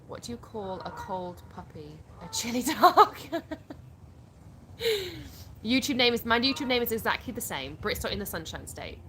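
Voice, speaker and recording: A woman's voice: medium pitch, lively intonation, background noise. Chatty English woman livestreaming outdoors. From England. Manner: chatty, quick to laugh. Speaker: livestream host. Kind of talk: casual chat, reading viewer comments aloud.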